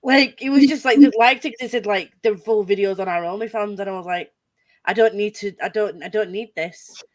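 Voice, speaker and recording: A woman's voice: medium pitch, a little fast, no echo. A woman hosting a casual group chat, telling stories with lots of laughter and swearing. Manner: laughing, swearing, animated storytelling. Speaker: host.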